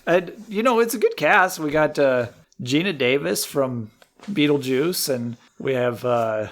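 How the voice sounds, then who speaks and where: A man's voice: on the high side, lively intonation, unhurried. A man co-hosting a casual movie podcast, often restarting his sentences and laughing. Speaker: podcast co-host. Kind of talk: casual chat.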